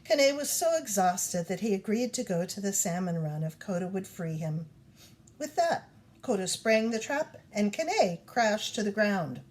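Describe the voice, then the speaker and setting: A woman reads a children's storybook aloud in an expressive storytelling style, her medium-pitched voice moving at a moderate pace.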